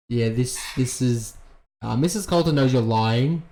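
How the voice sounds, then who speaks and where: A man giving casual, excitable reaction commentary on a TV episode, swearing often as he talks. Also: medium pitch, a little slow, slight background noise.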